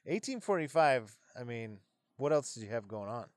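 A man's voice: medium pitch, sing-song, normal speed, no echo, studio quality. A man co-hosting a podcast, chatting casually and joking around, sometimes reading old rules aloud. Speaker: podcast co-host. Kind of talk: casual comedic chat.

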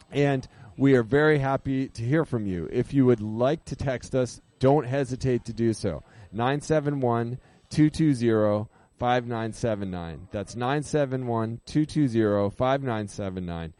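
A man hosts a live radio talk show in a relaxed, rambling way. He trips over his words, starts sentences over and chuckles at his own jokes. His voice is mid-pitched and sits close and dry on the studio mic. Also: dry recording. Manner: rambling, self-correcting, laughs at own jokes. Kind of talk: casual live radio chat. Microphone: studio microphone.

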